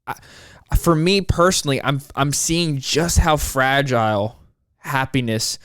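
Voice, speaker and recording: A young man in his twenties talks through a solo podcast episode, frustrated and rambling, with frequent swearing. His voice is smooth and clear at a middling pitch. The sound is dry and close. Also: unhurried, a bit bright, no room sound. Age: 20s. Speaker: podcast host.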